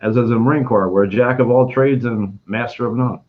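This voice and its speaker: A man's voice: medium pitch, a little fast, highs cut off. A man answering interview questions as a guest, speaking plainly in short, clipped phrases.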